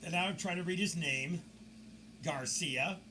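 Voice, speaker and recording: A man narrating security camera footage as a video commentator, telling the story in a lively way with mocking asides. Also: on the high side, measured pace, a little hiss or hum.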